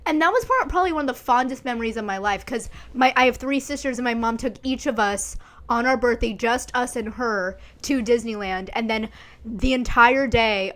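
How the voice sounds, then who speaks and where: A woman's voice: fairly high pitch, normal speed, fairly bright tone. A woman in her twenties chatting candidly as a podcast host, swearing freely and often breaking into giggles. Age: 20s. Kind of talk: casual chat.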